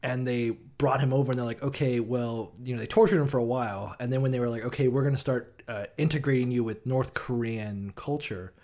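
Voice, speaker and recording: A man's voice: mid-range voice, brisk, few pauses, a little mellow. A man co-hosting a casual comedic chat, swearing often and jumping into goofy voices.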